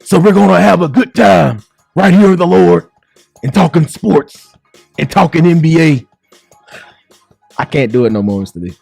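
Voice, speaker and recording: Man doing a fiery Southern bishop, high and loud, dry booth sound. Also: expressive, normal speed, creaky, pauses often, breathy edge, dry recording, faint music behind, full character voice. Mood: preachy. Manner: preachy, rising and shouting.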